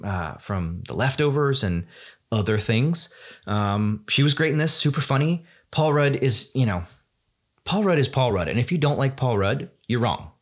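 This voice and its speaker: A man hosting a solo podcast at home, rambling enthusiastically with many fillers and restarts. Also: mid-range voice. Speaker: podcast host. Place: home room.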